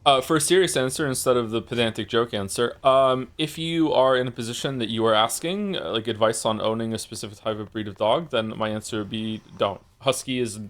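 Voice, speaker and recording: A man's voice: medium pitch, a little fast, hardly any pauses, a bit bright. A man streaming and chatting casually with viewers, rambling through stories with lots of fillers, restarts and blunt swearing. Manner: profane and blunt.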